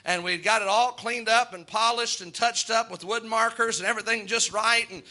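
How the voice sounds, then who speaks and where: Bright, high-voiced fervent male preacher. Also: fairly even intonation, fairly quick. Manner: fervent, emphatic preaching with rising exclamations; folksy, self-deprecating storytelling. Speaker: pastor. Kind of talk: sermon.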